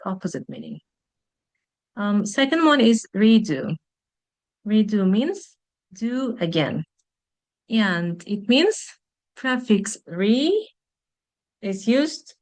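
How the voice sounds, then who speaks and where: A woman teaching an English lesson on video, explaining slowly and carefully with frequent "um" and "like". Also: mid-range voice, a little mellow.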